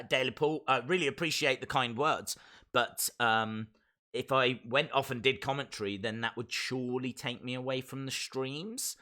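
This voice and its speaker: A man's voice: mid-range voice, bright, forceful tone. A British man hosting a live stream, chatting casually, laughing and reading out viewer comments.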